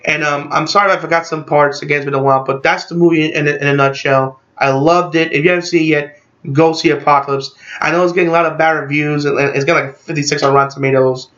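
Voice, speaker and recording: Rambling excited man recapping a movie. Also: fairly high pitch, quick pace, dull audio. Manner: rambling, excited, heavy use of "like" fillers. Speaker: movie reviewer. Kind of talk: casual spoiler-filled movie recap.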